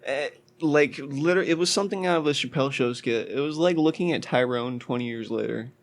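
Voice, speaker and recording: A man co-hosting a podcast, telling stories and joking in relaxed, animated chat. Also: mid-range voice, quick pace. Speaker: podcast co-host. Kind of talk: casual podcast storytelling.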